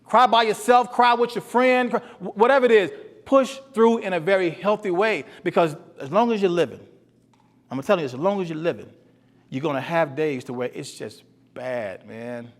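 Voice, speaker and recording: A man's voice: on the high side, normal speed. Earnest man speaking to boys in a hall. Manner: earnest, repeats himself, asks the audience questions. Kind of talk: motivational talk. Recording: long hall reverb.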